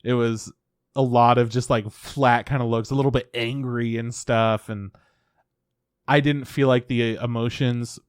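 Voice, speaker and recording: A man co-hosting a podcast, talking into a close mic with a dry, dead sound. He critiques in a rambling, thoughtful way, full of fillers and light laughs. His pitch sits in an ordinary middle register. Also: fairly even intonation, measured pace, smooth, no room sound. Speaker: podcast co-host. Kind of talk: casual chat reviewing an anime.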